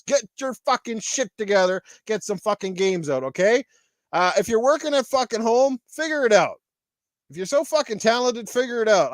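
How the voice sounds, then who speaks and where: A man's voice: high voice, no echo, clean studio sound. A man hosting a podcast, angry and heavily profane in a riled-up rant. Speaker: podcast host. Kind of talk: ranting gaming podcast.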